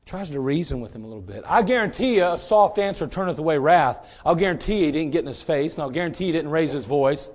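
A man preaching a sermon, dramatic, acting out scripture figures and swinging between loud and hushed delivery. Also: on the high side, lively intonation, fast talker, hardly any pauses.

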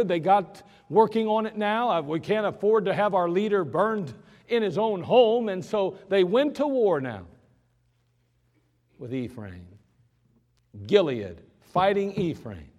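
Male pastor, high and lively delivery, dramatic storyteller, church echo. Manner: dramatic, acts out scenes with voices. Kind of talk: sermon. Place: church sanctuary. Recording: long church reverb.

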